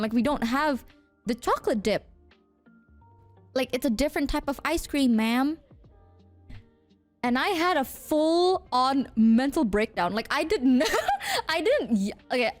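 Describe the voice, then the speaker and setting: A young woman from Indonesia, a streamer telling a story to her chat in a casual, animated way, swearing often. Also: high voice. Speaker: VTuber streamer.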